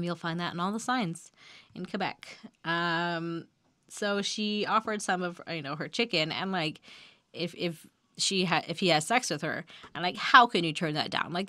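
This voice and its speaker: A woman's voice: on the low side, sharp tone, no room sound, studio quality. A woman hosting a lyrics breakdown, talking casually with frequent giggles and filler ums. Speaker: host breaking down song lyrics. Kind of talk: casual commentary.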